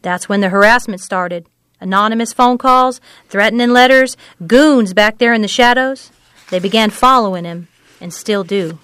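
An actress voicing an earnest, measured woman who tells of a family's troubles. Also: medium pitch, fairly bright tone, clear, resonant tone, no room sound, lightly acted. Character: woman, an older local who runs a clinic.

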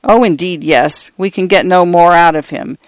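A man reading the lines of a brisk, fond middle-aged father. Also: high-pitched, no echo, natural voice.

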